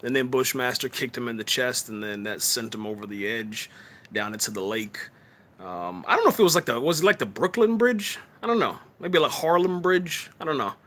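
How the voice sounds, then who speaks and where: Casual male streamer reviewing episodes, relaxed and rambling, with a bright, forward tone. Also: medium pitch, fairly quick. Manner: laid-back, peppers talk with "man" and fillers. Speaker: TV show reviewer on a live stream. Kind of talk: casual live chat review.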